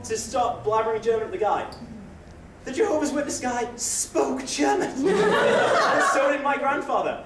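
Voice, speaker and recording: Young guy doing open mic standup, pretty high voice, rambly and sweary, roomy echo and background noise. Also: sing-song, normal speed, distant mic. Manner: rambling, self-deprecating, sweary. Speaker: stand-up comedian. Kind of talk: stand-up comedy set. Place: open mic comedy night, indoor room. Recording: echoey room recorded from afar, noisy.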